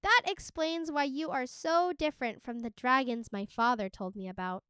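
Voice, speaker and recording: A woman's voice: sits high, moderate pace, bright, forceful tone, clean tone, dry recording, studio quality. A woman voicing a kind, plucky young village girl in a storybook read-aloud. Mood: friendly.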